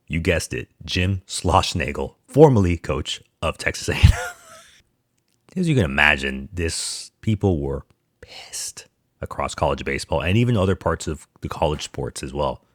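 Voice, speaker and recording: A man's voice: a bass voice, no room sound, clean studio sound. A man hosting a podcast, ranting about sports news with sarcastic disbelief. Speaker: podcast host. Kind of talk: casual sports commentary monologue.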